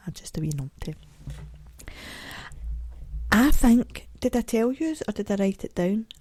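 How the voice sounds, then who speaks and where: A middle-aged Scottish woman hosts a podcast on her own, her voice medium-pitched and warm with no echo. Her casual solo chat rambles and pokes fun at herself.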